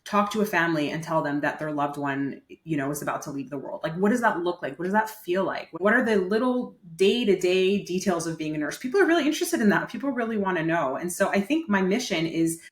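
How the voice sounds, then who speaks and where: A woman's voice: on the low side, lively intonation, fast talker, hardly any pauses. A woman in her thirties who works as a nurse coach, telling stories in a casual interview and using many "like" fillers. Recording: roomy echo.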